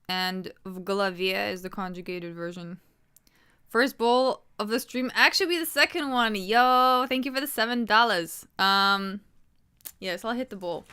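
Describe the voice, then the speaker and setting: A woman's voice: mid-range voice, pushed and bright, smooth. A young adult woman chatting casually on a livestream, rambling and swearing freely.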